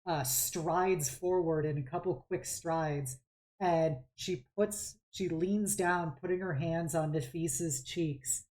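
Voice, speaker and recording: A woman with a low, mellow voice runs a tabletop role-play as game master. She describes scenes slowly and haltingly, padding her speech with fillers as she works out each detail. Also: fairly even intonation. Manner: rambling, hesitant description full of fillers.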